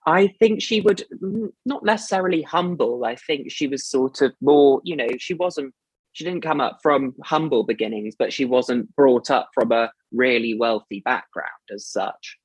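Man, posh English accent, measured, hedging, slightly husky, dry. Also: mid-range voice, dry recording, low-quality recording. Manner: measured, hedging with "sort of" and "as such". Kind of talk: casual chat.

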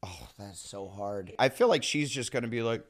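A man's voice: lowish voice, animated, moderate pace. A man in a played podcast clip, chatting playfully and laughing at himself. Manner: playful, laughing, self-doubting. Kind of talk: casual chat.

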